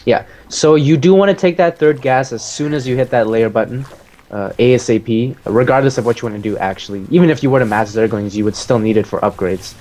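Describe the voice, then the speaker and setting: A man casually explaining his own strategy game match as he plays it, relaxed, with many fillers. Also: mid-range voice, brisk.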